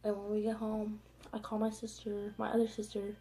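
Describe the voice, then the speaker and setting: A woman's voice: mid-range voice, completely flat delivery, a little fast, warm tone, slight background noise, poor audio. A young woman telling a casual storytime in her vlog, rambling with constant fillers and frequent swearing. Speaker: vlogger. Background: background music.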